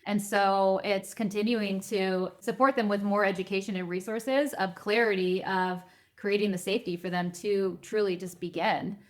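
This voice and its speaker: A woman speaks as a podcast guest and advisor, answering questions in an earnest, measured way. Her voice sits at a middle pitch for a woman. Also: steady tone. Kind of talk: interview answers.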